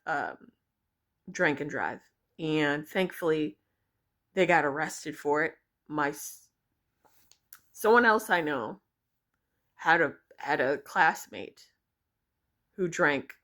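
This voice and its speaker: A woman's voice: low voice, fairly bright tone. A young woman vlogging her opinions, blunt and exasperated, swearing freely as she rants to her viewers. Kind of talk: opinion rant to camera.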